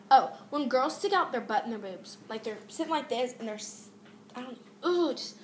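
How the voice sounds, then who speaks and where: A woman's voice: sits high, lively intonation, normal speed, reverberant, a little hiss or hum. A teenage girl vlogging a casual rant about pet peeves, exasperated and rambling with many fillers and restarts.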